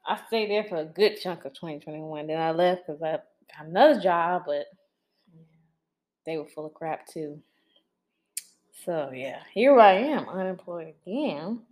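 A woman's voice: lowish voice, unhurried. A young woman co-hosting a podcast, chatting casually and animatedly, acting out what people said. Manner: animated, quotes people in put-on voices. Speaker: podcast co-host. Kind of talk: casual chat.

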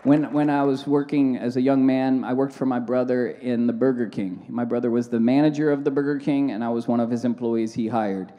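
A man preaching as a pastor, moving between fervent prayer and lively storytelling in a church. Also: medium pitch, brisk, few pauses, long reverb tail, dull audio. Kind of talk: sermon with prayer.

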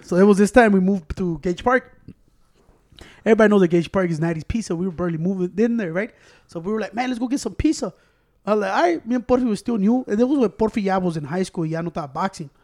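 A man from Chicago with a Mexican-American accent spins a profane story in rapid, casual chat. He slides between English and Spanish mid-sentence. His voice sits high for a man, and he rushes through every line. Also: animated, darkish tone. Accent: Chicago Mexican-American, mixing Spanish. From Chicago, USA.

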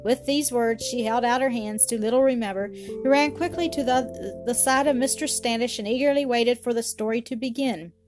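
A woman's voice: fairly high pitch, normal speed, a little mellow. Woman reading a storybook aloud. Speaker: narrator. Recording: faint music behind.

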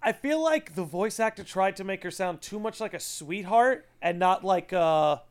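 A man's voice: high-pitched, animated. A man co-hosting a podcast in casual chat, opinionated and arguing his point. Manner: opinionated, makes his case in quick asides. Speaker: podcast co-host.

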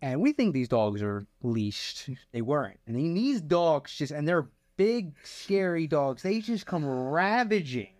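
Young man, slightly high voice, relaxed storyteller, podcast co-host, dry close recording. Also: measured pace, hardly any pauses, no room sound. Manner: laid-back, downplaying, chuckling. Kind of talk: casual storytelling chat.

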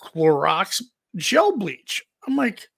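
A man co-hosting a podcast, telling a rambling, profane story in a casual, animated way. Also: high-pitched, extremely slow, creaky. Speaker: podcast co-host.

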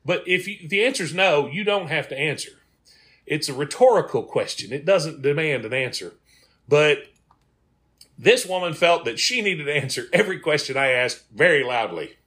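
Bright-voiced comic storyteller. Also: male voice, fairly high pitch, lively intonation, moderate pace. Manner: folksy, laughing, acts out quoted people. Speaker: comedy bus tour guide and podcast host. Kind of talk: casual podcast storytelling.

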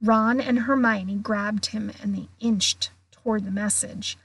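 A woman guest reader reading a children's novel aloud in an expressive way. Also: medium pitch, slightly rough, no echo. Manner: slow, expressive.

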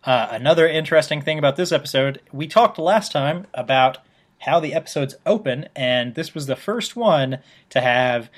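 Man, podcast co-host, slightly high voice, lively, laughing storyteller, casual recap. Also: normal speed. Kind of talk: casual chat recapping a TV episode.

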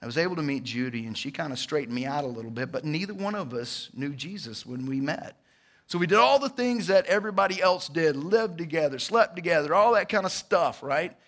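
Casual man in his forties, church testimony, calls out to the congregation, higher-pitched. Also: a little fast. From Georgia, US. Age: 40s. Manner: lively, casual, calls out to the crowd. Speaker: church speaker giving testimony.

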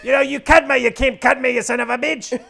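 A man voicing a brash, loud man with a put-on fake Australian accent. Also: steady tone, quick pace, gravelly, exaggerated voice. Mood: yelling. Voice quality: loud, shouty, much higher than his own voice.

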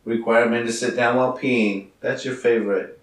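A man's voice: mid-range voice, steady tone, normal speed, roomy sound, recorded from a distance, low-quality recording. A man co-hosting a podcast, teasing and swearing, with frequent laughter. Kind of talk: casual podcast chat.

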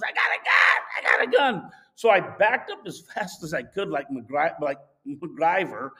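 Animated man telling a story. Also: on the high side, poor audio. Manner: animated, acts out shouted quotes. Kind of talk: casual spoken anecdote.

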